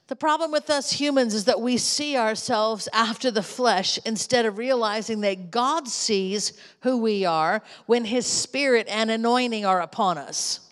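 A woman with a fairly high, fairly bright voice delivers a sermon to a congregation. She speaks emphatically, repeating key lines to drive her points home, and a long reverb from the large church hall trails her words.

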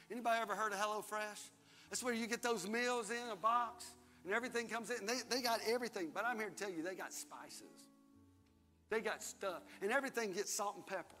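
A man's voice: sits high, sharp tone. An older man preaching a sermon in a large church hall, reading scripture aloud and leading the congregation in call-and-response. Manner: preaching, reads scripture aloud and has the crowd repeat after him. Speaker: pastor. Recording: long hall reverb, faint music.

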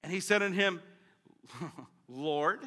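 A man preaching a sermon as pastor, teaching through a passage with impassioned swings from loud to quiet. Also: high-pitched, takes it slowly, long reverb tail.

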